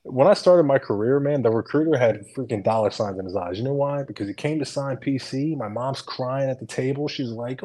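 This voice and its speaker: A man co-hosting a podcast in casual chat, his pitch sitting right in the middle for a man. He talks in an animated, rambling way, full of fillers and frank swearing. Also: a little fast, few pauses. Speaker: podcast co-host.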